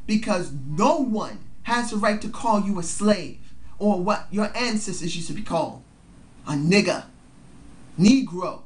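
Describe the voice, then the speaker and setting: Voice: mid-range voice, slight background noise. A vlogger in their forties, delivering an impassioned video rant with emphatic, preachy phrasing and free swearing.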